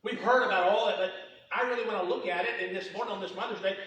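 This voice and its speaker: A middle-aged man preaching a sermon, telling folksy stories with lots of repetition and quick humor. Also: high voice, steady tone, a bit bright. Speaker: pastor. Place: church sanctuary. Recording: roomy church hall, voice from a distance.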